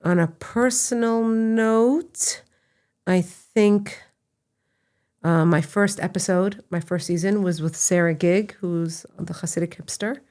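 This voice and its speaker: A middle-aged woman, a podcast guest, telling personal stories in a casual, animated way that breaks into laughter. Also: lowish voice, takes it slowly. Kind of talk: casual conversational storytelling.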